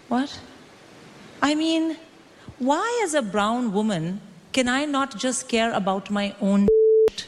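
A woman in her forties doing a stand-up comedy set, brash and animated, acting out the people she quotes. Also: mid-range voice, moderate pace. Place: comedy stage before a live audience. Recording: stage mic in a reverberant hall with audience noise.

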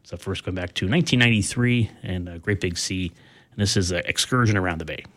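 A man from Canada hosting a radio show in a casual, halting way, with many filler sounds as he reads the weather and introduces songs. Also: deep voice, fairly bright tone. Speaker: radio host.

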